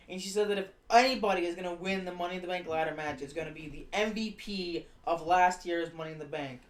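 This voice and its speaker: Casual streamer in an echoey room. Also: medium pitch. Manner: loose, hesitant, filler-heavy. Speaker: stream co-host. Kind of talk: casual chat recapping wrestling. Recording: roomy echo.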